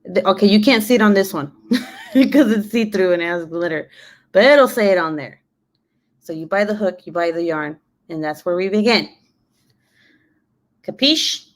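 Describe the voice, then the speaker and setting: Casual live-stream chatter comes from a YouTuber in her twenties with a medium-pitched voice and moderate pace. She laughs often and cusses freely.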